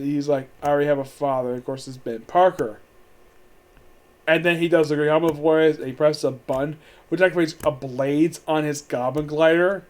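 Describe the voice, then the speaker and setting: A man with a notably high-pitched voice talks his way through a movie review in a loose, casual way. He rambles, restarts his sentences and fills them with "like", and sounds amused by what he describes. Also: a little mellow.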